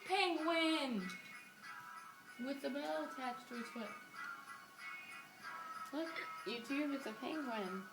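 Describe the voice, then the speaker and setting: A woman's voice: high-pitched, slow pace, long pauses. A young woman with hiccups chatting and giggling in a casual home video. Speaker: vlogger with hiccups. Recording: echoey room with music behind.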